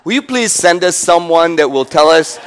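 Preacher putting on a giddy Sierra Leonean-accented man, higher pitch, swinging intonation, pleading and laughing as he talks. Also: moderate pace, lightly acted, rough recording. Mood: excited. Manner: excited, pleading, laughing through his words. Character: joyful West African man telling of his prayer.

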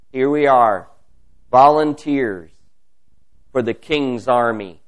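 A man leading a spontaneous spoken prayer, fervent and repetitive in his petitions. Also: mid-range voice. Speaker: prayer leader.

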